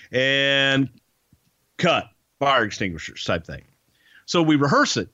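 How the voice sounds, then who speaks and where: Bright-voiced man telling backstage stories. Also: mid-range voice, no echo, dull audio. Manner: rambling, restarts phrases, swears casually. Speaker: guest, former wrestling TV producer. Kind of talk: casual storytelling interview.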